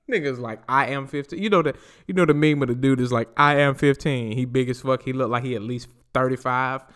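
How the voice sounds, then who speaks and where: A Southern-accented man hosts a podcast, reading news stories aloud and riffing on them with laughter and loose, profane commentary. His mid-range voice swings hugely in pitch, and he moves at a brisk clip.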